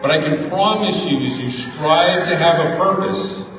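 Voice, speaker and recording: At a ceremony in a large hall, a middle-aged graduation speaker with a somewhat high voice speaks at a measured pace. His motivational speech includes a story and emphatic repetition, and the distant, echoey recording carries background noise.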